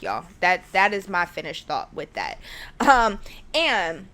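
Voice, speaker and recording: Woman rambling on her home podcast, gets excited, slips into whispers, mid pitch. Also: slow. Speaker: podcast host. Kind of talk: casual solo chat. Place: her living room at home. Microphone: studio mic at home.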